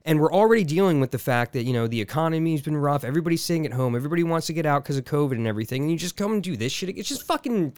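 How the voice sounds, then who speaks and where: A man's voice: a little high, animated, very fast, hardly any pauses, a little mellow, smooth, no echo. A man co-hosting a casual podcast, exasperated and rambling, restarting sentences and swearing often. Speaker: podcast co-host.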